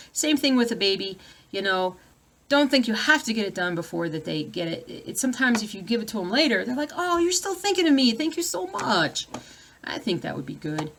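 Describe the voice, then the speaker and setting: A woman's voice: mid-range voice, a bit bright. A woman chatting casually on a live stream at home, reading viewer comments aloud and breaking off to deal with her dogs. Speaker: cross-stitch vlogger.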